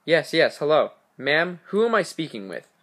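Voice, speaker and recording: A man reading the part of a police officer on duty, giving firm, steady instructions to a caller. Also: fairly high pitch, moderate pace.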